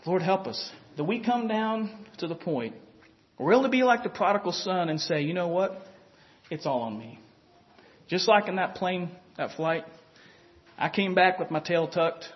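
High-voiced man preaching, dull recording. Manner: storytelling with acted-out inner voices, chuckles. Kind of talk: sermon.

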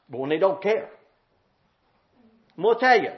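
Man, preacher, sermon, folksy drawl, high lively voice, shouts then murmurs, dull lo-fi sound. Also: normal speed, long pauses. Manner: swings from loud shouting to low murmured prayer.

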